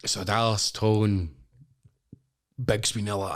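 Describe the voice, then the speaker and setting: A man's voice: lowish voice, measured pace. A Scottish man, a wrestler guest on a podcast, telling stories in casual chat, swearing a lot and laughing through them.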